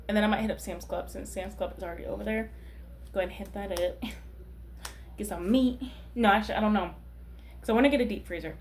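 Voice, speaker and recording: A woman's voice: mid-range voice, a little hiss or hum. A woman of about thirty chatting casually to camera as a vlogger, rambling and often checking in with "you know what I mean". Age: 30s.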